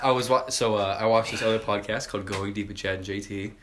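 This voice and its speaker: A young man with a fairly low voice leads a loose podcast chat among friends. He jokes, swears freely and acts out quotes from others. A faint hiss sits under the recording. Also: fairly even intonation, quick pace, a bit bright. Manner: profane, jokey, acts out quotes. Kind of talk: casual group chat.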